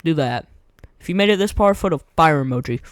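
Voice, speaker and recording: Young man, hoarse voice, slangy rambling game commentary, slightly high pitch, dry close sound. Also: expressive, a little fast, no echo. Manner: rambling, slangy, repeats himself. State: hoarse, losing his voice. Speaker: gaming content creator. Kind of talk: casual gameplay commentary.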